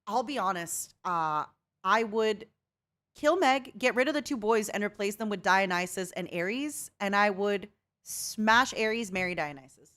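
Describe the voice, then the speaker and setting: A young woman guest chatting casually, expressive and teasing, who laughs heartily. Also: mid-range voice, unhurried. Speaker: guest co-host. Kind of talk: casual chat.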